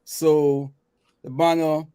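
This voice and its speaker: A man with a Guyanese accent chatting about his experience, reflective and lively when he tells stories. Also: fairly high pitch, drawn-out words, smooth, no echo. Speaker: guest. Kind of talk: casual chat, storytelling.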